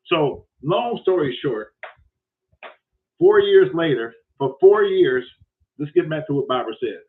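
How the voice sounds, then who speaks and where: A man's voice: on the high side, lively intonation, a little slow. A man hosting his own show, rambling through a casual, profane story with lots of repetition. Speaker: show host. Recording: tinny phone-like sound.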